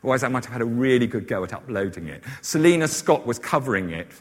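A man's voice: medium pitch, big pitch swings, fast talker. A man giving a chatty, informal lecture on novels, with many fillers and asides. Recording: long hall reverb.

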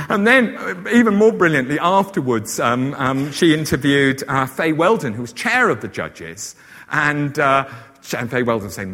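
A man's voice: medium pitch, animated, measured pace, a bit bright. Chatty man lecturing in a hall. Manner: chatty, many fillers and asides. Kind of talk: informal literary lecture. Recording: long hall reverb.

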